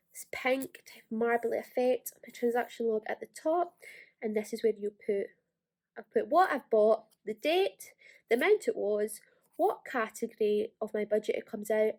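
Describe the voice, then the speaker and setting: Young Ayrshire Scottish woman, slightly high voice, quick chatty vlogger delivery. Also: a little mellow. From Scotland. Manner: fast, chatty, self-deprecating. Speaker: planner vlogger. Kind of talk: casual tutorial walkthrough.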